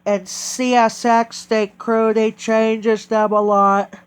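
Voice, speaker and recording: A man talking casually in a vlog, halting and correcting himself often as he goes. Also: sits high, little pitch movement, clean tone. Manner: halting, with many restarts and self-corrections. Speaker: train video vlogger.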